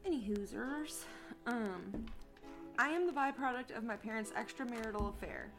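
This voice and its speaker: A woman's voice: fairly high pitch, moderate pace, music in the background. A young woman co-hosting a podcast in casual chat, reading a post aloud and then swearing indignantly about it. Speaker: podcast co-host.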